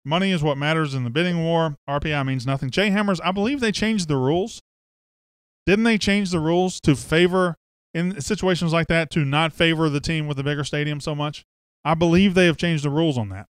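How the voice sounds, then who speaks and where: A man with a fairly high, smooth, resonant voice hosts a sports podcast, chatting casually and joking as he reads out listener comments. The sound is dry and close, with no room around it. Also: brisk, no room sound. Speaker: podcast host.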